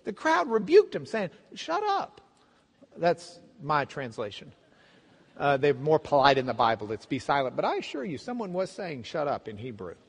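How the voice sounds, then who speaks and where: A man teaching a Bible class as a pastor, telling the story with lively acted-out voices. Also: fairly high pitch, normal speed, slightly rough, long reverb tail. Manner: animated storytelling, acts out voices of the crowd and blind men. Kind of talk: sermon.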